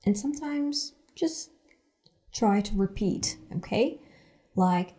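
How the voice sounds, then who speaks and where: A woman teaching English from sitcom clips, explaining phrases slowly and repeating them for learners. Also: mid-range voice, lively intonation, warm tone. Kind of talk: explaining language lesson.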